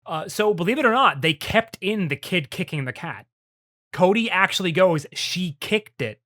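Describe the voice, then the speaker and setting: A co-host leading a casual podcast chat in a relaxed way, swearing freely and laughing often. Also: medium pitch, normal speed.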